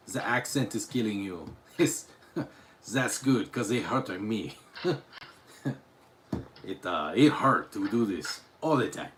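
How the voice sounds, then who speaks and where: Male streamer, over-the-top fake French accent, broken English, unhurried, swooping pitch, teasing. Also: animated, fairly bright tone, slight background noise. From Utah. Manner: teasing, playful. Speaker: livestream host reading chat. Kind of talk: joking livestream chat.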